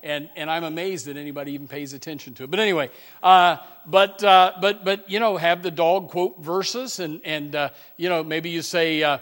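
Brief: male pastor, fairly high voice, joking down-home sermon, drops low for asides, rises to loud emphasis. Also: steady tone, moderate pace. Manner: swings between quiet asides and loud emphatic preaching; folksy, joking, many fillers and restarts. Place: church, preaching to a congregation.

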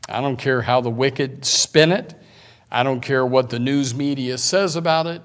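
Pastor guy preaching, slow scripture reading, loud outbursts then quiet again. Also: mid-range voice. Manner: emphatic preaching with sudden loud bursts and drawn-out scripture reading. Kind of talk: sermon.

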